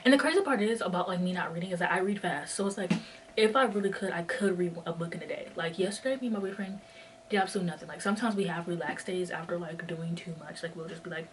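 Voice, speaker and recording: A woman's voice: lowish voice, fast, slight background noise. A young woman in her twenties vlogging while walking, chatting in a rambling way full of fillers, a bit out of breath. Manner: rambling, filler-heavy, lots of "like". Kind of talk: casual chat. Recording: distant mic with faint ambience.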